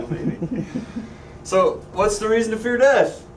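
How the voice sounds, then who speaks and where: Animated man teaching a Sunday school class. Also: high voice, takes it slowly, slight background noise. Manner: animated, joking, asks the class questions. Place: church classroom. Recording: echoey room, voice from a distance.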